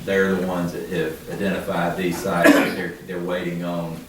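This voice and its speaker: A man chairing a formal meeting, calling for motions and votes in a brisk, jokey way. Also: low-pitched, flat delivery. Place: large meeting room. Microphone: distant room mic. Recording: echoey room from far off, faint noise.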